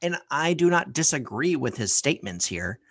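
A man's voice: mid-range voice, sing-song, normal speed, fairly bright tone, husky, dry recording. A man hosting a podcast, giving a heated, sarcastic opinion rant full of profanity. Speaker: podcast host.

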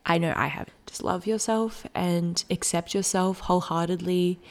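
Gravelly-voiced woman in her twenties. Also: fairly low pitch, fairly even intonation, normal speed, darkish tone. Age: 20s. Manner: earnest, heartfelt and self-reassuring. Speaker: podcast host. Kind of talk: solo reflective podcast monologue.

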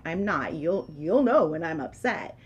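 A woman's voice: lowish voice, animated, a little slow, breathy edge, highs cut off. A woman co-hosting a podcast in casual chat, earnest, talking in stops and restarts. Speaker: podcast co-host.

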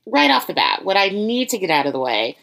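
An American woman hosts a casual interview, her speech eager and full of quick fillers and restarts. Her voice carries a noticeable vocal fry at a middling pitch. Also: big pitch swings, a bit bright. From United States. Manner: enthusiastic, many fillers and restarts. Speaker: podcast host.

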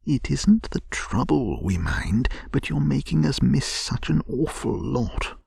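Man playing a hearty male water rat, brisk, scolding, husky, dry close sound, storybook. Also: medium pitch, big pitch swings, a little mellow, no room sound, pitched above the performer's own voice, heavily acted. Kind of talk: gentle bedtime story reading.

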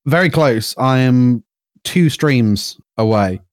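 A man's voice: medium pitch, lively intonation, slow, no echo, clean studio sound. A young man, co-hosting a casual podcast chat in a laid-back way. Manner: laid-back, short replies, laughs often. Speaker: podcast co-host.

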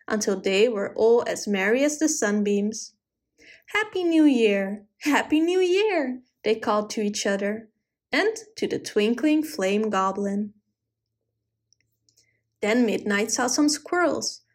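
A woman narrating a children's story aloud in a gentle, expressive reading style. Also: on the high side.

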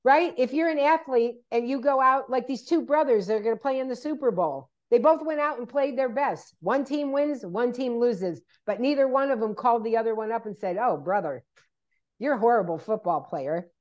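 A woman's voice: high-pitched, fairly quick, hardly any pauses, muffled recording. A woman in casual chat, telling stories and acting out what people said to her. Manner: animated storyteller, acts out quoted people.

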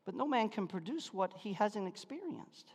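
A man preaching a sermon as pastor, telling a personal story, moving between hushed reflection and loud excitement. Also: high voice, normal speed, long reverb tail.

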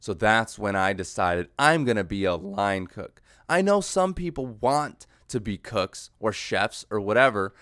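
A man's voice: medium pitch, fairly bright tone, dry recording, clean studio sound. A young man hosting a podcast, ranting in a comedic monologue, profane and sarcastic with an exasperated edge. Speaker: podcast host.

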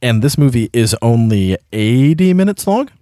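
A man's voice: mid-range voice, normal speed, no echo, studio quality. A man co-hosting a podcast, chatting casually and jokingly about an old monster movie. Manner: animated, joking, puts on mock narrator voices. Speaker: podcast co-host. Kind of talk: casual film discussion.

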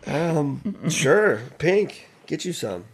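A man as a podcast guest in casual chat, laughing through excitable stories. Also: on the high side, extremely slow, slight background noise.

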